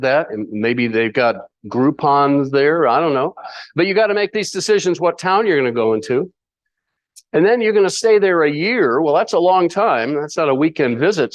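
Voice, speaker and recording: Lively, playful male Bible teacher. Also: medium pitch, no echo. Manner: conversational, playful asides, rhetorical questions. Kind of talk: sermon teaching.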